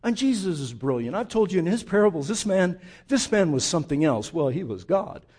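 A man's voice: sits high, very animated, a little fast, darkish tone, husky. A male pastor preaching a sermon, speaking straight to his congregation and acting out the voices of the people in his story.

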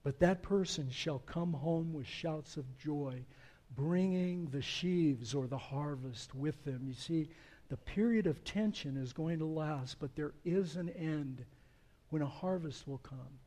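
A man's voice: a little high, a little slow, mellow. A man preaching a sermon as pastor, earnest and building to emphatic swells.

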